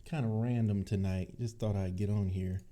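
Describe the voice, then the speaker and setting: A man from Cleveland hosting a casual livestream for his tech channel, chatty and laid-back with a deep, bassy voice and frequent laughs. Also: fairly even intonation, normal speed, warm tone. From Cleveland, Ohio. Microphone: desk microphone.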